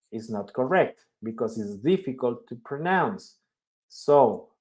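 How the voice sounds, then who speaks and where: A man's voice: a little high, darkish tone. A man teaching an online language class, explaining patiently step by step and checking in often. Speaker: Spanish teacher.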